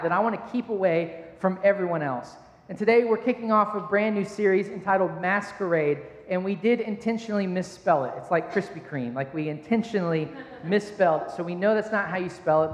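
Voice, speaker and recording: High-voiced man preaching in an echoey hall. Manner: conversational, self-deprecating, anecdotal. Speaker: pastor. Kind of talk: sermon with personal storytelling. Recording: echoey hall with long reverb.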